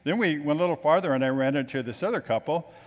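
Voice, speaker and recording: Speaking fast with a fairly high pitch, a man entertains a gathering with chatty anecdotes, doing voices for the people in them. A long hall reverb colors the sound.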